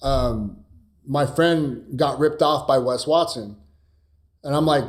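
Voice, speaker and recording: A man's voice: mid-range voice, slow, long pauses. Young california guy rambling thru a live q&a, lots of ums and restarts, swears a bit. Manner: rambling, many fillers and restarts, blunt with swearing. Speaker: cybersecurity streamer answering viewer questions. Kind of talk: casual live Q&A chat.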